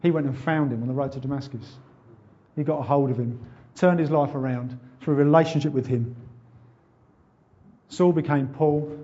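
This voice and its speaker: A man preaching a sermon, asking rhetorical questions and building up to loud, fervent appeals. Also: medium pitch, moderate pace, highs cut off.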